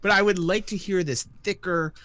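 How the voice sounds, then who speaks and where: An American man hosting a livestream chat, teasing and theatrical in an excitable way. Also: high voice, moderate pace. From United States. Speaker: stream host.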